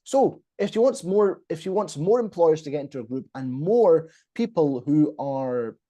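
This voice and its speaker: Guy on a podcast teaching public speaking, relaxed warm voice, leans hard on his points. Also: fairly high pitch, moderate pace. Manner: emphatic, explanatory, acts out examples.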